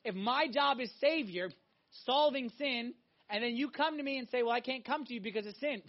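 Fairly quick and emphatic, a man with a very high voice preaches an animated sermon, dropping from loud exhortation to hushed, intense stretches. The recording itself sounds dull and lo-fi.

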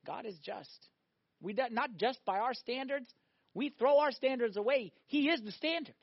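A middle-aged man preaching a sermon as pastor, animated, swinging between loud emphatic lines and quiet reflective ones. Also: very high-pitched, moderate pace, no room sound, muffled recording.

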